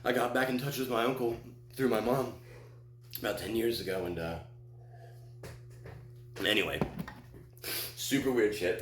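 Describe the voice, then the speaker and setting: A man's voice: mid-range voice, steady tone, measured pace, pauses often, a bit bright. A middle-aged man telling a personal story in an earnest, emotional way, often stopping and restarting his sentences. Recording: echoey room with faint hum.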